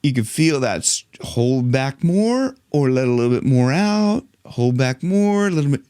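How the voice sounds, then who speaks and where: A man's voice: medium pitch, big pitch swings, moderate pace, mellow, clear, resonant tone. A middle-aged man from Ohio, a vocal coach who talks casually, restarts sentences often and breaks into sung and gasping demonstrations. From Ohio, United States.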